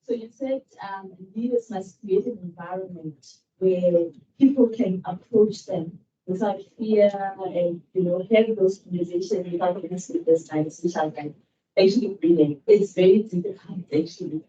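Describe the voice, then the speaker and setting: A woman's voice: lowish voice, normal speed, warm tone, far from the mic, lo-fi sound, slight background noise. A woman moderating a panel, asking thoughtful, winding questions full of fillers.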